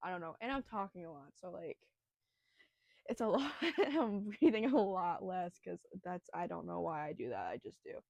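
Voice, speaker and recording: A woman's voice: on the low side, lively intonation, moderate pace, creaky, a little mellow, no room sound, highs cut off. Rambling nervous young woman, dry sound. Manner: rambling, self-deprecating, filler-heavy. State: nervous, breathing heavily. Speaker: student host explaining biology. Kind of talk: casual educational podcast.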